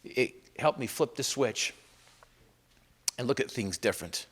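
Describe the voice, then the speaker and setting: A man giving a motivational speech to an audience, telling a personal story with repeated refrains and swinging from loud emphatic bursts to hushed lines. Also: medium pitch, animated, measured pace, background noise. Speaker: motivational speaker.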